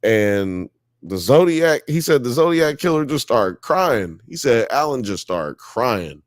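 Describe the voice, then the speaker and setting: A mid-range, very animated male voice, slightly slow, belongs to a live-show host telling a story casually. He keeps saying "you know" and "blah blah" and becomes insistent when riled. It's studio quality without room sound.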